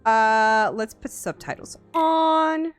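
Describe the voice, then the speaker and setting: A woman's voice: on the high side, takes it slowly, smooth, faint music behind. A woman streamer chatting casually and playfully with her chat, giggly and gushing, from a home streaming setup on a desk mic.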